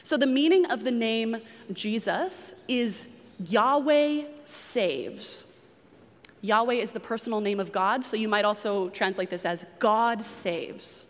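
A woman's voice: on the high side, normal speed, few pauses. Woman preaching in a reverberant church. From New England. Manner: conversational teaching, asks the congregation questions. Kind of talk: sermon. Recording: long reverb of a large room.

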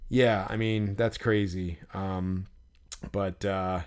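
Low-voiced easygoing podcast man. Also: little pitch movement, slow pace, darkish tone, clean tone. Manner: easygoing, swears offhandedly. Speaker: podcast co-host. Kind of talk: casual chat.

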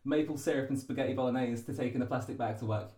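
A man chats casually on a podcast, stopping and restarting, searching for words between ums, with a playful streak. His voice sits at a middle pitch and the room gives it a clear echo. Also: very fast, dark tone. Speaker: podcast co-host. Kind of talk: casual chat. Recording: echoey room.

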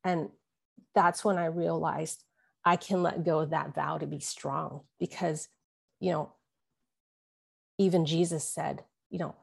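A woman in her forties telling an earnest, halting personal story as an interview guest. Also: fairly low pitch, steady tone, vocal fry, husky. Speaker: guest, author and podcaster.

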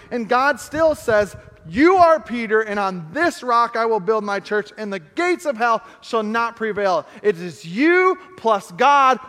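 A man preaching a sermon as pastor, emphatic, repeating key phrases and slowing down to stress them. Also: sits high, fairly bright tone, big-room sound.

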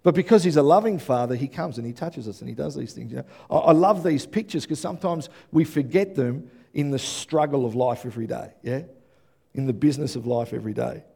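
An earnest male preacher delivers a sermon in a mellow, dark-toned voice. He stumbles over and repeats words, then climbs to loud, emphatic peaks. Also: medium pitch, brisk, vocal fry, slightly rough.

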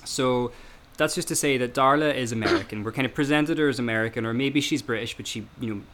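A man's voice: medium pitch, quick pace, fairly bright tone. A man hosting a casual analytical chat, hesitant, with many fillers and restarts. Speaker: podcast host.

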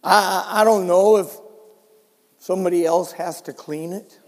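An older man preaching a sermon as pastor, telling stories and swinging between soft and loud delivery. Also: sits high, fairly even intonation, normal speed, in a large hall. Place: church sanctuary.

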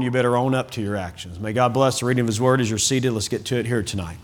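A middle-aged pastor from the United States preaching in a church, reading scripture and adding lively, chuckling asides. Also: male voice, medium pitch, fast. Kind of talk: sermon. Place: church sanctuary.

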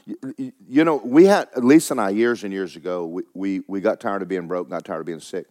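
A man preaching a sermon, with folksy asides, rising loud to stress a point and dropping low to tell a story. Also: a little fast, hardly any pauses. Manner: folksy preaching, rises loud for emphasis, drops low for stories. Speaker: pastor.

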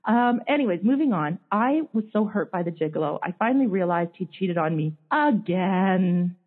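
A woman's voice: fairly low pitch, moderate pace, slightly rough. A woman in her forties telling a personal story in candid chat, emotional and confessional, acting out others' words. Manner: emotional, confessional, quotes others in animated voices. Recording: tinny phone-line audio.

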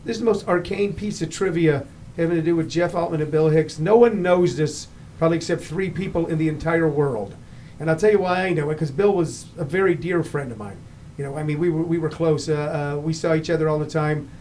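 A middle-aged man hosting a casual chat, telling anecdotes with lively acted-out quotes. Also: on the high side, brisk, slight background noise. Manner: animated storyteller, acts out the people he quotes. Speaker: podcast host.

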